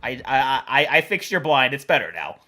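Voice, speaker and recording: A woman's voice: a bass voice, big pitch swings, normal speed, sharp tone. A woman hosting a reaction video, exclaiming, cooing and laughing as she comments on funny animal clips. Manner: laughs often.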